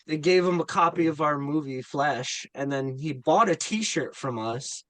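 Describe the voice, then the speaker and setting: Here a guest filmmaker and indie film actor speaks in a slightly high voice, a little slowly, eagerly recounting an anecdote. Excitement makes him stammer and repeat words, and the audio is dry and poor.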